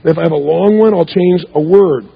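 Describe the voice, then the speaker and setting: Gravelly husky motivational speaker man. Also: fairly high pitch, a little fast. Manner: emphatic, repetitive, punchy delivery. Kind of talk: seminar talk to a live audience. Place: hotel event room. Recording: muffled lo-fi recording.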